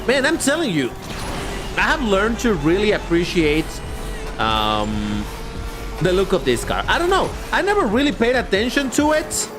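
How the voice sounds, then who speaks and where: A man's voice: high voice, huge pitch swings, normal speed, over music. A man giving chatty, opinionated live commentary while racing in a mobile game. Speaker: livestreamer.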